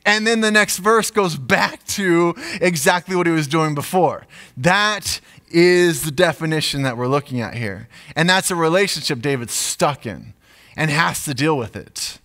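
A man, a pastor, preaching a sermon in an animated storytelling way, acting out asides. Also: on the high side, moderate pace.

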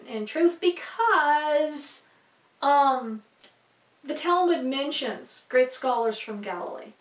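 Rambling female Bible teacher, high voice, distant mic in a reverberant room. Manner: rambling, chatty, many fillers and asides. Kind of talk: casual teaching to camera.

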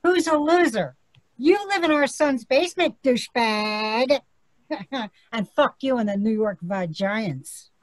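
An actress playing a foul-mouthed older grandmother with a Philadelphia accent, sharp-tongued and scrappy. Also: on the high side, lively intonation, slow. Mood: combative.

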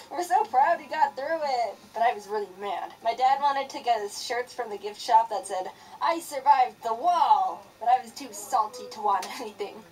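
A young woman animator telling a childhood story in a sarcastic, expressive narration. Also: on the high side, moderate pace, few pauses, distant mic, a little hiss or hum, rough recording.

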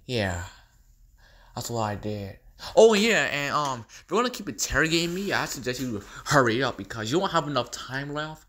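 A man's voice: mid-range voice, very animated, normal speed, a bit bright. Joker, a man doing a cackling, taunting clown villain. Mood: gleeful. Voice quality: cackling laugh. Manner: taunting, sing-song, swings between whispers and squeals. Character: unhinged male clown villain, taunting and gleeful. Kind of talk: fan impression skit.

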